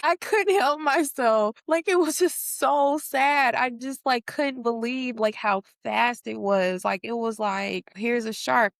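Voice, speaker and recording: A young adult woman talking casually on a podcast panel, telling stories in an animated way with lots of fillers. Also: mid-range voice, no echo, clean studio sound. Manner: chatty, many fillers, animated storytelling.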